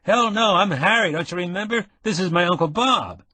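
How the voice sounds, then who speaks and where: Brash eager young man, voiced by a male narrator, higher and husky, breezy slang, close dry sound. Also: fairly quick, bright, forceful tone, no room sound. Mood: urgent friendly. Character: friendly, brash younger man posing as a diner worker.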